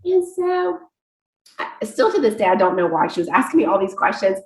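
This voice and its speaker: A woman guest on a podcast, telling a personal story in a chatty, animated way with many fillers. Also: mid-range voice, fairly quick. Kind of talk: casual interview storytelling. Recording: echoey room.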